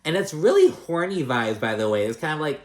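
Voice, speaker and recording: A man's voice: a little high, sing-song, a little fast, darkish tone, reverberant. A man giving a casual, chatty recap of a reality show, swearing freely and mimicking people's lines. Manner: chatty and profane, acts out quotes in mock voices.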